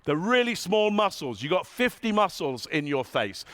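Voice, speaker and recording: A man giving a conference keynote in a large hall, animated and asking the audience questions, sometimes dropping his voice low and soft to show a point. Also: normal speed. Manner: demonstrates tones, drops voice low and soft. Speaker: keynote speaker.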